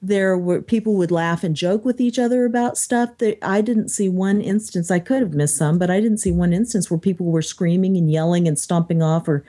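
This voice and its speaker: Chatty woman with a dark, mellow voice. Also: lowish voice, a little fast, hardly any pauses. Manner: chatty, animated when quoting others. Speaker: podcast co-host. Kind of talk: casual discussion.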